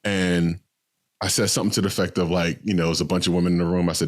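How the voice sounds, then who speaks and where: A man's voice: sits low, little pitch movement, rapid-fire. A man telling a long story on a podcast, rambling with many ums and restarts. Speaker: podcast co-host, comedian. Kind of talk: casual storytelling chat.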